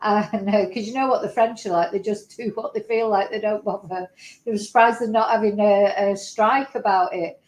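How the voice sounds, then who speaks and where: A woman's voice: mid-range voice, fairly even intonation, normal speed, darkish tone, echoey room, rough recording. A woman, chatting casually as she talks through video clips and translates what is said in them. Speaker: host reacting to videos.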